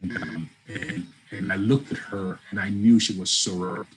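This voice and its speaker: An interview guest with a low voice shares a personal story at normal speed, animatedly acting out what the people in it said. There's a noisy background, and his audio breaks up at times on the line.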